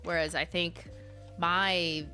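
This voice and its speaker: A woman's voice: on the low side, little pitch movement, slow, pushed and bright, soft background music. A woman hosting a casual livestream, reading viewer letters aloud with wry asides and frequent laughter. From Canada. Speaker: host reading viewer mail.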